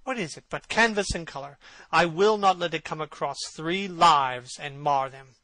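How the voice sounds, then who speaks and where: A man's voice: a little high, moderate pace, sharp tone, no room sound, poor audio. A man doing an earnest grave painter. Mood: bitter. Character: earnest, devoted male painter.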